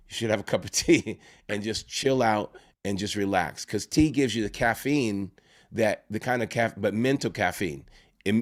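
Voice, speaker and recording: A man, a pastor and life coach, giving earnest advice in an interview, often restarting phrases and checking in with "right?". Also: lowish voice. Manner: earnest, repeats himself and restarts phrases, tags points with "right?".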